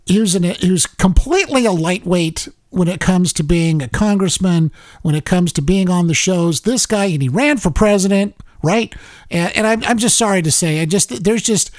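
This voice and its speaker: A man hosting a political talk show, giving commentary in an animated, repetitive way. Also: high-pitched, no echo. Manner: animated, repeats words and restarts.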